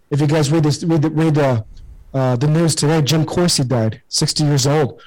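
A man's voice: on the high side, normal speed, a little mellow, rough recording. A man in his forties, a podcast guest and former pro ballplayer, telling his life story in an earnest, emphatic, motivational way and often repeating words as he gets fired up.

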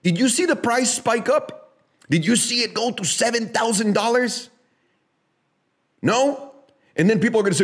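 Lively, profane, ranting man. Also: very high-pitched, normal speed, long pauses. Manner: profane, emphatic, sarcastic, rhetorical questions. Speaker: podcast host. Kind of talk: casual opinionated chat.

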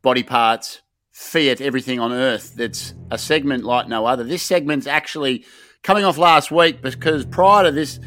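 A man's voice: medium pitch, moderate pace, bright, forceful tone, faint music behind. A man co-hosting a casual podcast, building up segments with over-the-top hype. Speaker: podcast co-host.

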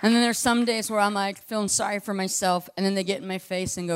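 A woman preaching a conversational sermon, impassioned and casual, full of asides, swinging between hushed and loud. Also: medium pitch, fairly even intonation, fast, few pauses, clean tone.

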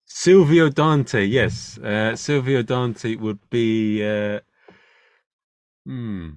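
A man's voice: lowish voice, extremely slow, dry recording. A man who is a comedian, a guest on a podcast, speaking hesitantly and searching for words as he thinks aloud. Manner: hesitant, many fillers and restarts while thinking. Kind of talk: casual interview chat.

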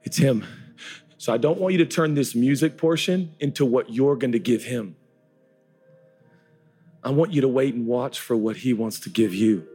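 A man's voice: medium pitch, moderate pace, soft background music. A man in his forties preaching a live sermon to a congregation in an auditorium, with an impassioned, repetitive cadence that builds into an altar call. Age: 40s. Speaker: pastor.

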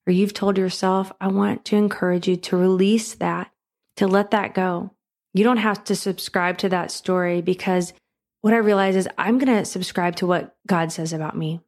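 A woman's voice: medium pitch, gravelly, a little mellow. A woman hosting a motivational podcast, speaking earnestly and encouragingly and repeating phrases for emphasis. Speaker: podcast host.

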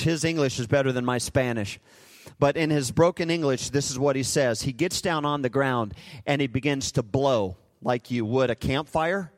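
A man preaching a live sermon in a church, swinging from loud, impassioned declarations to hushed, intimate passages. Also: mid-range voice, dry recording. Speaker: guest preacher. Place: church sanctuary.

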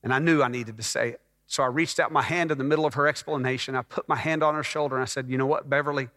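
A man preaching a personal testimony as a sermon, telling his story with hushed moments that build to loud, emphatic passages. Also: mid-range voice, steady tone, quick pace. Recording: long hall reverb.

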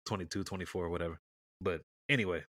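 A man's voice: low-pitched, steady tone, fast talker, a bit bright, no room sound, studio quality. A man co-hosting a podcast, chatting loosely and steering the talk back to his topic. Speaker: podcast co-host. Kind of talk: casual sports chat.

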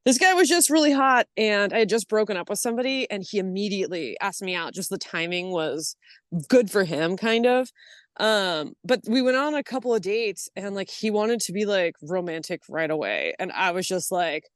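A woman guest on a podcast telling stories in casual chat, animated and swearing freely. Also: medium pitch, moderate pace, no echo, studio quality.

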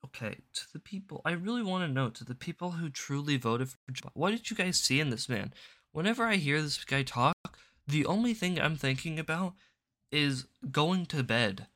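A man's voice: a little high, lively intonation, normal speed, sharp tone. A man doing casual reaction commentary at his home desk into a microphone, sarcastic and rambling, swearing now and then. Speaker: political commentator.

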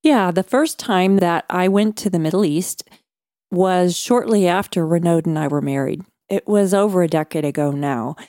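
Mellow-voiced woman telling a story. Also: on the low side, no echo, clean studio sound. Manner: earnest, measured storytelling with dramatic pauses. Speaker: guest. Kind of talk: storytelling interview.

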